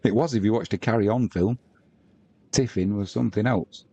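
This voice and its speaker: A man's voice: fairly low pitch, brisk, warm tone, no room sound, muffled recording. Bantering man on a live stream. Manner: chatty and bantering, reads viewer comments aloud. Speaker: host of a live match watch-along. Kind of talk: casual live-stream commentary and chat reading. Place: at home.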